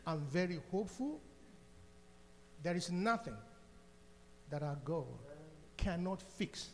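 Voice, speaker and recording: Older man, African accent, church testimony, fervent, high-pitched, long church reverb, faint hum. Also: lively intonation, takes it slowly, long pauses. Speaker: church member giving testimony. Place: church sanctuary.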